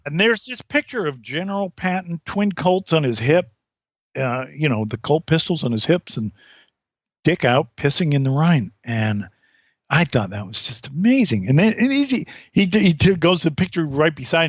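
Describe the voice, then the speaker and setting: A man guest on a podcast, telling anecdotes in an animated way and acting out the voices. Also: on the high side, normal speed, dry recording, lo-fi sound. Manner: animated storyteller, acts out voices. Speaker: comedian guest.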